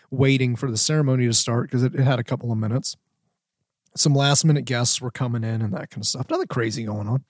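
A man's voice: mid-range voice, darkish tone, no room sound, clean studio sound. A man telling a story from his work as a wedding videographer, rambling with lots of restarts. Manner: rambling, many likes and restarts. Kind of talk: casual storytelling.

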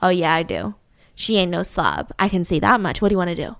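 A woman voicing a crude, scheming young man who talks bluntly in a lowered voice. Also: very animated, a little fast, gravelly, a bit bright, clear, resonant tone, no room sound, clean studio sound, full character voice.

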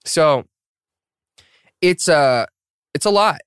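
A man's voice: a little high, animated, very slow, a bit bright, clean tone, dry recording. Dry-sounding man chatting, full of fillers. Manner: rambling, filler-heavy, laughs at himself. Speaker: podcast host. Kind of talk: casual podcast chat.

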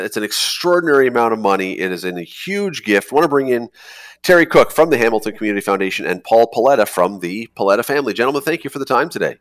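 A man hosting a morning radio show, chatty and emphatic, often repeating words as he starts a thought. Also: mid-range voice. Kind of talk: casual radio interview.

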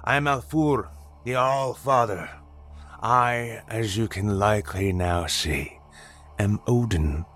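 Guy doing a booming old god, slow and grand, deep voice with faint music under it. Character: ancient male god, imperious, judging, booming.

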